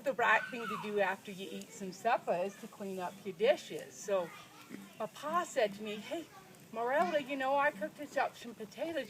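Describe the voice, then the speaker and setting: A woman's voice: fairly high pitch, lightly acted. A woman playing a folksy, plainspoken rural storyteller, telling a comic tale with drawling, giggling asides. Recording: noisy recording.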